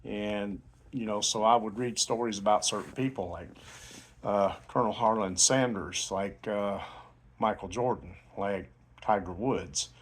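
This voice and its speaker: A man's voice: fairly low pitch, a little slow, husky. A man giving a casual motivational sales talk, telling a long story in a rambling way with many fillers and restarts. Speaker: network marketing promoter.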